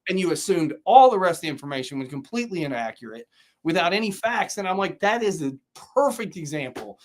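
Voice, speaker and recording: Profane, animated man ranting. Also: a little high, fast. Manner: profane, animated storytelling with mock quotes. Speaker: podcast co-host. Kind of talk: heated casual rant. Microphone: live stream, remote or studio mic.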